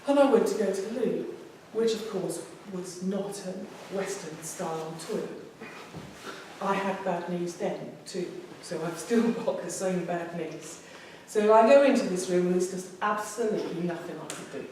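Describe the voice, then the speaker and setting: Speaking at a public speaking club in a meeting room, a woman from England in her 50s shares a personal story with emotion, repeating phrases as she goes. Her voice is lowish and darkish at a moderate pace. The distant recording is very echoey, with slight hiss or hum.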